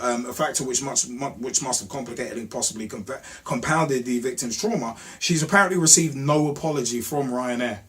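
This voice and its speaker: A man hosting a blunt opinion rant, swearing and repeating himself, his voice jumping high when he gets heated. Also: a bit bright. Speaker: host of a rant show.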